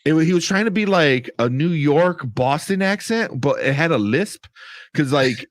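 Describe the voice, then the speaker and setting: Animated, profane man reviewing movies. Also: on the high side, normal speed, dry recording. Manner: animated, profane, laughs often. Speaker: podcast co-host. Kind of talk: casual movie review chat.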